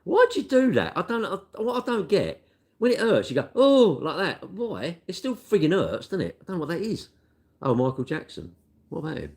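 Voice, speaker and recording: Here the older cake shop worker's pitch sits fairly high, and he sounds very animated, a little fast, and slightly mellow. He rambles through viewer questions in a relaxed, matey chat, poking fun at himself.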